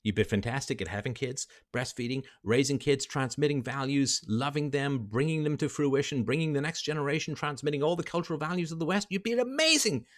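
A man's voice: a little high, brisk, hardly any pauses. A man hosting a livestream monologue, emphatic and lecturing, walking through numbers step by step. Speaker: livestream host.

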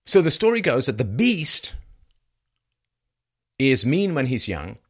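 A man's voice: medium pitch, very animated, takes it slowly, a bit bright. A man giving an opinionated monologue, sarcastic and mocking, repeating points for emphasis. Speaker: commentator.

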